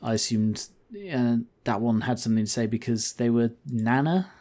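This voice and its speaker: Man, game-commentary host, mid-pitched and dark-toned, rambling asides. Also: fairly even intonation, normal speed. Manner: rambling, thinks aloud with fillers and asides. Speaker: let's-play host.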